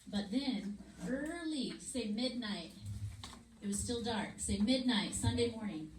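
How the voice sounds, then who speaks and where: Woman teacher telling a lively Bible story. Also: on the high side, slow pace. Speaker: children's church teacher. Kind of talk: Bible story lesson for children. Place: church classroom. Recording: echoey room, far mic, noisy.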